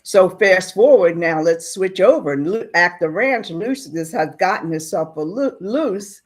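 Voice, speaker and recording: A woman's voice: fairly low pitch, measured pace. A woman preacher retelling a story and drawing a moral, asking questions of her listeners. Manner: animated, asks the listeners questions. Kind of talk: sermon storytelling.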